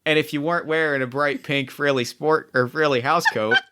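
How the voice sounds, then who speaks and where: A man's voice: on the high side, fairly even intonation, a little fast, heavy background noise. A man narrating as game master of a tabletop game, rambling, with many restarts and fillers.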